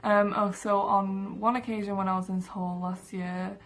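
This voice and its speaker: A woman's voice: mid-range voice, level tone, normal speed. A young woman from England, telling stories to camera in her room in a chatty way full of fillers. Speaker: vlogger. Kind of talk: casual storytelling to camera.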